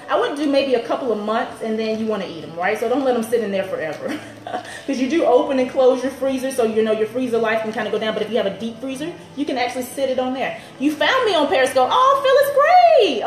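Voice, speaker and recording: A woman's voice: a little high, reverberant, low-quality recording. A woman personal trainer in her thirties, chatting upbeat on a live stream to viewers and laughing often.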